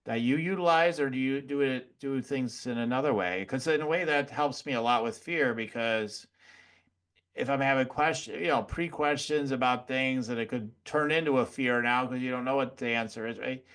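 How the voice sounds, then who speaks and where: A man hosting an interview podcast, asking questions in a halting way while searching for words. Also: mid-range voice, fairly bright tone, clear, resonant tone. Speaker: podcast host. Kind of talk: casual interview talk.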